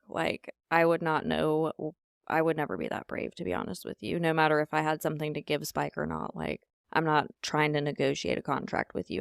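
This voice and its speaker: A woman's voice: deep voice, vocal fry, no echo, clean studio sound. A woman co-hosting a podcast who chats casually with a candid, profane manner. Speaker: podcast co-host. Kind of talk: casual chat.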